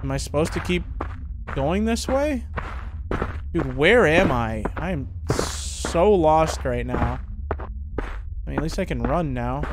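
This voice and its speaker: A man giving chatty, excitable commentary while playing a horror game, reacting out loud as he goes. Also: a little high, takes it slowly, pauses often, background noise. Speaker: gaming YouTuber.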